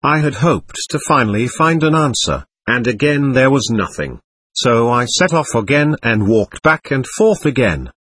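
A man's voice: medium pitch, big pitch swings, normal speed, fairly bright tone, husky, dry recording. A man reading a first-person story aloud in a plaintive, earnest way. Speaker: narrator.

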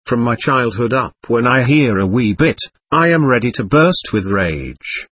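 A man's voice: medium pitch, lively intonation, unhurried, fairly bright tone, husky, no echo. A man voicing a bitter, scornful young servant. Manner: curt, bitter and resentful. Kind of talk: audiobook character reading.

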